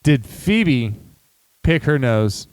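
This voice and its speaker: Relaxed man chatting about a movie. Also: mid-range voice, extremely slow, smooth, no room sound. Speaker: podcast co-host. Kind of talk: casual movie discussion. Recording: dry close-miked home studio.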